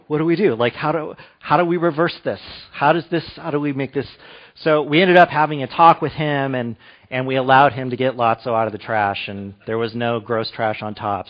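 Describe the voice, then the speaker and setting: Conversational pastor, muffled lo-fi recording. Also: male voice, on the high side. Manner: conversational, asks the room questions. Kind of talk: sermon.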